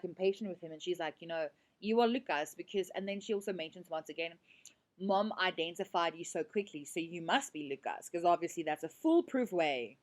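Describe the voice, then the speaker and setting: South African woman, teacher, relaxed lesson delivery, lower register, chatty filler-heavy explaining. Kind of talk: casual lesson explaining a set drama.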